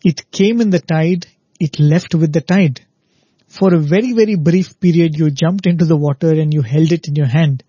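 A man voicing a wise old man in a parable, rebuking slowly and deliberately. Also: a little high, mellow, husky, no echo, dull audio. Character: calm wise old man, stern teacher.

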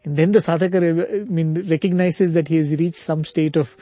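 Man, casual storyteller, halting with fillers and chuckles, warm low-brightness tone, dry mic. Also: fairly even intonation, no echo. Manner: hesitant, many fillers, chuckles while telling. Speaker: storyteller in a spiritual discussion.

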